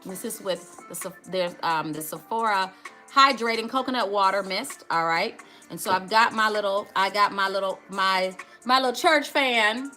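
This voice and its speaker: A woman's voice: medium pitch, normal speed, bright, forceful tone, faint music behind. A middle-aged woman hosting a casual live makeup tutorial, chatty, greeting viewers by name and calling out to "y'all". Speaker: makeup livestream host.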